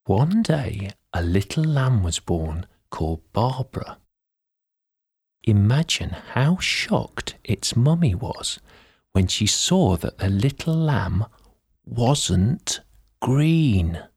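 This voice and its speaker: Slow, breathy man telling a bedtime story. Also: medium pitch, big pitch swings. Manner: gentle, drawn-out, with soft whispered asides.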